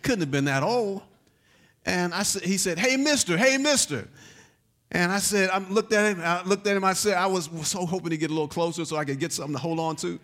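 A man preaching a sermon, telling a personal story and building to shouted exhortation. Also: high voice, fairly even intonation, fast.

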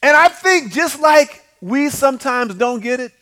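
High-voiced man preaching a sermon. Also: expressive, unhurried, pushed and bright. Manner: folksy call-and-response preaching, acts out quoted voices. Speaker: pastor.

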